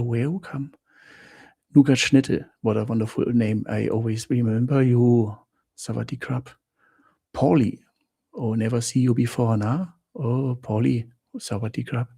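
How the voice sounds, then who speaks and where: A man's voice: mid-range voice, creaky, warm tone, breathy edge. A man hosting a travel live stream, chatting with viewers in simple non-native English, greeting them by name and laughing often. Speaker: travel channel host.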